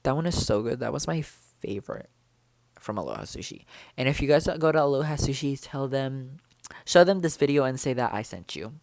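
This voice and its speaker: Speaking into a close, dry mic with no room sound, a young male vlogger chatters casually, bubbly and rambling, leaping between excited exclamations with many fillers and restarts. His middle-pitched voice is creaky, and he talks a little fast.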